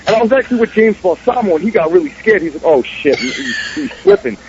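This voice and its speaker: A man's voice: a little high, lively intonation, quick pace, hardly any pauses, noisy background. A man with a New York-area accent telling stories as a filmmaker guest in a casual interview, profane and streetwise. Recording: dull radio audio.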